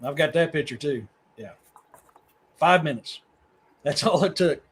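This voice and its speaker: A man's voice: a little high, animated, unhurried, fairly bright tone, husky. A middle-aged man from Missouri, a podcast guest who tells long rambling stories in casual chat. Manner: rambling storyteller, talks to his dogs mid-sentence.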